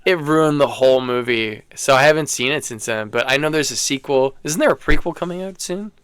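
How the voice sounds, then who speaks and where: A man's voice: medium pitch, a little fast, smooth, dry recording. A man co-hosting a podcast, chatting loosely, telling anecdotes and swearing freely. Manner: animated anecdotal storytelling. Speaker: podcast co-host. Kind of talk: casual chat.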